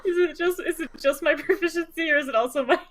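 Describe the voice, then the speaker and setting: A woman playing a tabletop game, giggly and animated. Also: extremely high pitch, quick pace. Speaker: player. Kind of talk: casual tabletop play.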